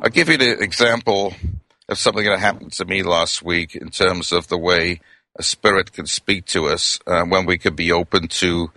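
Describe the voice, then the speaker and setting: A middle-aged man from Wales with a Welsh accent, giving a gentle, reflective sermon as a minister. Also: low-pitched, fairly even intonation, normal speed, dry recording. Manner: gentle, reflective, addresses listeners as friends.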